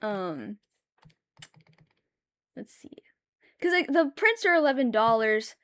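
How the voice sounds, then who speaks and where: Bright high-voiced young woman streamer. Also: very animated, slow pace, no echo, studio quality. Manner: profane, rambling storytelling with filler words; laughs between sentences. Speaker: streamer drawing live. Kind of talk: casual chat.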